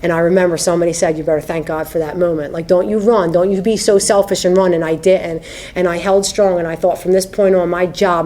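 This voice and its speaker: A woman's voice: lowish voice, dark tone. A woman in her thirties telling her recovery story at a meeting, candid and conversational, often adding "you know what I mean". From United States. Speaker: AA speaker sharing her story.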